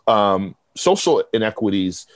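In a conversational interview, a professor and program director from Texas speaks a little slowly in a voice on the low side, recorded dry. He tells animated stories and brings others' words to life in lively quoted bursts.

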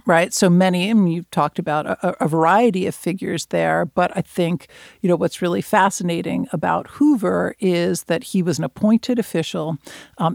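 Gravelly-voiced guest explaining their research. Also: medium pitch, darkish tone, no room sound, clean studio sound. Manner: thoughtful, explanatory, many fillers. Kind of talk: conversational interview.

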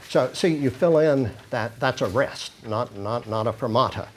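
Background noise runs under this informal lecture, where a man with a medium-pitched voice at normal speed reads quoted passages from handouts. He breaks off to comment casually, full of fillers and restarts.

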